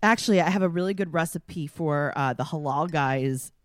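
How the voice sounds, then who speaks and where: A woman's voice: low voice, moderate pace, no echo. A woman from New York telling a long story in casual chat, acting out the dialogue as she goes. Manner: animated storyteller who acts out quoted dialogue. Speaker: podcast co-host telling a story.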